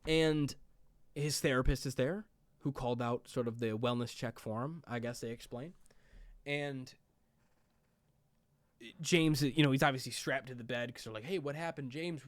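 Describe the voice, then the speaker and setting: A man's voice: medium pitch, moderate pace, pauses often, dry recording. Guy rambling through a movie recap, tons of likes and ums, dry close sound. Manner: rambling, fillers like "like" and "um". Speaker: movie reviewer. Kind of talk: casual movie plot recap.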